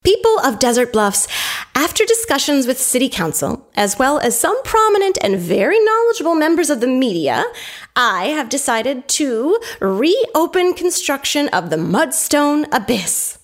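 A woman's voice: high voice, sing-song, unhurried. An actress playing a female town mayor who brushes off public fears in a casual, offhand way. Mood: dismissive. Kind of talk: scripted radio drama. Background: faint guitar music.

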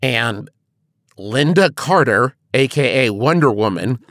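Deadpan joking podcast man. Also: mid-range voice, takes it slowly, no room sound, studio quality. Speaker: podcast co-host. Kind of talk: comedic podcast banter.

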